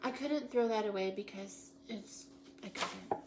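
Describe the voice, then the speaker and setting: A woman's voice: medium pitch, measured pace. A woman hosting a casual live cooking show from her home kitchen, joking playfully and punning while she chops. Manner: playful, jokey, self-praising with puns. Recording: kitchen noise with chopping and clicks.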